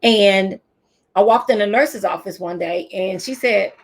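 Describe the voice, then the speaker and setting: A woman's voice: medium pitch, measured pace. A middle-aged woman teacher and speaker giving a motivational talk to teachers, telling stories and repeating her key phrases.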